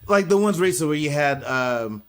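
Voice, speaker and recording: Bright-toned joking man podcaster. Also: fairly high pitch, lively intonation, a little fast. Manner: joking, laughs at his own bits. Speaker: podcast co-host. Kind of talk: casual reality TV recap chat.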